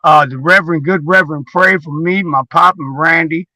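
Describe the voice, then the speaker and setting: A man's voice: a little high, fairly quick, dry recording, rough recording. A man co-hosting a comedic talk show, drunk, laughing often and swearing loosely. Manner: loud, laughing, profane. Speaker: podcast co-host. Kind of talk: boozy comedic chat.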